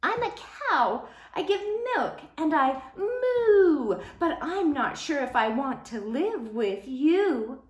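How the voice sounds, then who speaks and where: A woman voicing a timid, gentle female cow that speaks in a high, plaintive, sad voice. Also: sing-song, takes it slowly, hardly any pauses, reverberant, exaggerated voice.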